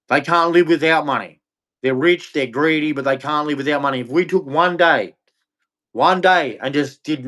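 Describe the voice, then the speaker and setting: A man with an Australian accent, ranting angrily and swearing often as he repeats himself. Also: fairly high pitch. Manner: agitated, profane, repetitive. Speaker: streamer. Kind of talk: angry rant.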